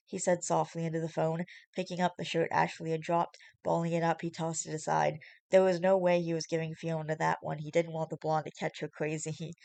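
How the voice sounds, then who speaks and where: Give me a woman reading fan fiction aloud to a webcam, with casual, chatty asides. Her voice sits a little low. The sound is dry and close. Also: little pitch movement, a little fast, gravelly, a little mellow, no room sound. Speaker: story reader.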